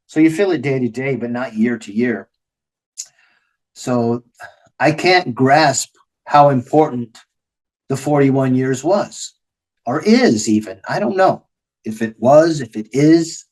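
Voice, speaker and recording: A man's voice: medium pitch, lively intonation, a little slow, a little mellow, poor audio. An older man hosting a podcast, talking bluntly and openly with frequent swearing. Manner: blunt, profane, emotionally open. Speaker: podcast host. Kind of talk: candid podcast conversation.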